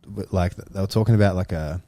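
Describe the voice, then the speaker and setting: Aussie podcast co-host, mellow, relaxed storyteller, casual and sweary. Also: male voice, sits low, no room sound, clean studio sound. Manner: storytelling, swears freely, quick asides. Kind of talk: casual chat.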